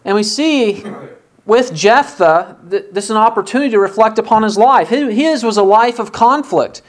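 A preacher delivers an expository sermon, moving through a Bible passage verse by verse. The voice sits at an ordinary middle pitch, and now and then the preacher briefly acts out the dialogue of the people in the story. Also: animated, normal speed.

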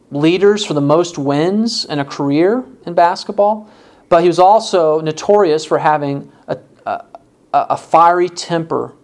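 A man preaching a sermon, reading scripture aloud and asking rhetorical questions, his pitch jumping up for emphasis. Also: a little mellow. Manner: pitch rises sharply for emphasis.

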